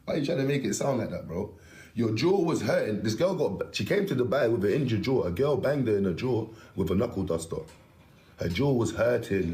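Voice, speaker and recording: A man's voice: medium pitch, a little mellow. Young man, slangy, emphatic rant, swears a lot, roomy echo on the mic. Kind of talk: casual ranting story.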